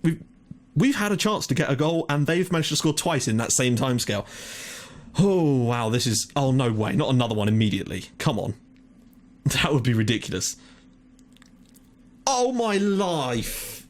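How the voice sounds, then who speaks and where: A young man giving excitable live commentary on his own football management game, thinking aloud and swearing when it goes wrong. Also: mid-range voice, moderate pace. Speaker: gaming commentator.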